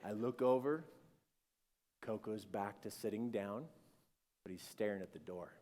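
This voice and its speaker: Animated man telling a spiritual story. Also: lowish voice, unhurried, big-room sound, slight background noise. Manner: animated, acts out scenes, swings between hushed and shouting.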